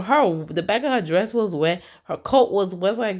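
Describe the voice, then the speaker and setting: A woman's voice: mid-range voice, moderate pace, hardly any pauses. A woman giving a casual, emphatic, slangy recap of a reality TV episode, talking straight to her viewers. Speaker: TV recap vlogger.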